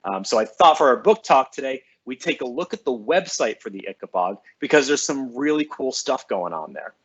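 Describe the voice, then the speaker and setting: Recorded with a slightly dull, lo-fi sound, a man who works as a school librarian chats with students on a live stream, greeting them by name in a casual, upbeat way. His mid-range voice is husky and a bit bright, and he speaks animatedly and a little fast.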